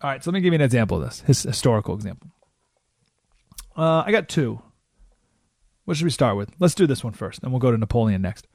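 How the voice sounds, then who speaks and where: A man hosting a talk radio show, telling stories with animated delivery and asking rhetorical questions. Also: medium pitch, fast talker, gravelly, pauses often, no echo, studio quality. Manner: animated storytelling with frequent rhetorical "right?"; acts out quoted voices.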